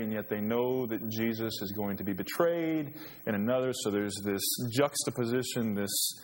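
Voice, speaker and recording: A man preaching a sermon as pastor, earnest and growing emphatic in a church. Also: mid-range voice. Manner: earnest, rising to emphatic when quoting scripture. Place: church sanctuary. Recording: long reverb of a church hall.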